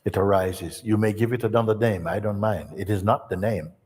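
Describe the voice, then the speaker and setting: A man speaking as a spiritual teacher, giving an unhurried storytelling talk to an audience. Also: lowish voice, steady tone, darkish tone, husky, in a large hall.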